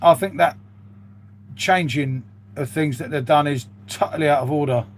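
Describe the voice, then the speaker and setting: A British man talks loosely to his stream chat and keeps throwing in "mate". His voice sits a little high for a man. A faint hum runs under the talk. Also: normal speed. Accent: British English. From United Kingdom. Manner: chatty, rambling, says "mate" often. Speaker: live streamer reading chat. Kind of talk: casual live-stream chat.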